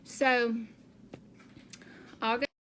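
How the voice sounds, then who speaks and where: A woman's voice: a little high, little pitch movement, very slow, fairly bright tone, slight background noise. A woman, a direct sales director, telling a candid and emotional personal story in a vlog, often repeating herself.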